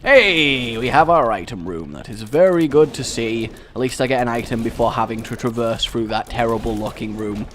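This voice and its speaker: A young man talks through his game in a chatty, self-deprecating way. His voice sits at a medium pitch but swings widely, jumping into excited bursts and then dropping back into low asides. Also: moderate pace, hardly any pauses, slight background noise. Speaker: gaming video host. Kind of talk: casual let's-play commentary.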